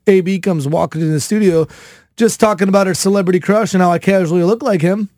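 Fast-talking high-voiced male radio host. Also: darkish tone, no echo. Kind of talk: casual morning radio banter. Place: radio studio.

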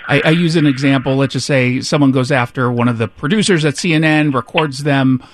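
A man's voice: medium pitch, brisk, background noise. A man hosting an interview, plugging a guest's book and asking long conversational questions. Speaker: host.

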